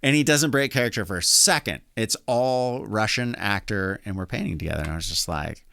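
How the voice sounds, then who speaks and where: A man, a guitar teacher and podcast guest, telling stories in animated casual chat. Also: fairly low pitch, brisk, gravelly, no echo. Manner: animated, laughing storyteller.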